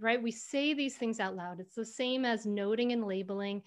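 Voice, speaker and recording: A woman author in an interview, telling personal stories in a lively way, with many fillers and restarts. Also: a little high, moderate pace. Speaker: author, guest. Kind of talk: conversational interview.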